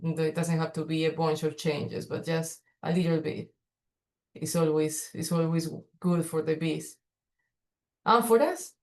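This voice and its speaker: Low-voiced woman giving an online talk. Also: fairly even intonation, measured pace, darkish tone. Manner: hesitant, many fillers and restarts. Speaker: guest speaker, pollinator researcher. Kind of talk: virtual workshop presentation. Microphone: video call.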